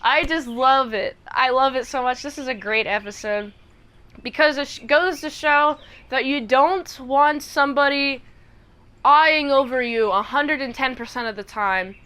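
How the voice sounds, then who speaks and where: High, bright young woman recapping. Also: a little slow, smooth. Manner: animated storytelling that acts out the characters. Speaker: reviewer. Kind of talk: casual episode recap.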